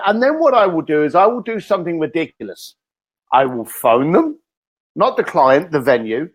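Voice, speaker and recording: A man, a guest author in an interview, telling energetic stories and acting out the lines he quotes. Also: high-pitched, moderate pace. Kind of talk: animated interview talk.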